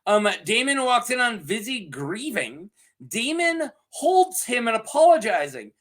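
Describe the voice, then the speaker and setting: A man with a high, lively voice that jumps all over its range reviews a show on his own. His tone is bright and forward. He keeps things loose, laughs often, and ducks into goofy voices to act out scenes. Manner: goofy, laughs often, acts out characters in quick funny voices. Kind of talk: casual solo review chat.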